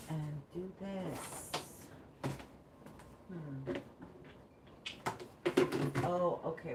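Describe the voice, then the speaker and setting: Slow, low-voiced woman reading tarot. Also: heavy background noise. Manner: chatty, meandering, easily delighted. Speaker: tarot reader.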